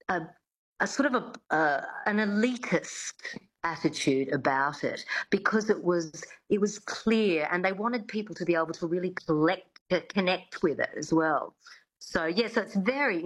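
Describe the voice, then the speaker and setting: A dialect coach answers questions as a guest on a radio interview. She is a woman with a fairly low voice. She explains things eagerly but hesitantly, with frequent fillers and restarts. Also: low-quality recording.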